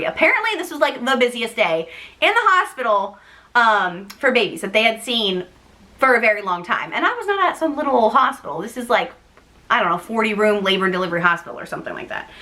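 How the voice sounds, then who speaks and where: Bright, chatty young woman vlogger. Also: fairly high pitch. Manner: chatty, animated, acts out quoted voices. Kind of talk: casual storytelling to camera.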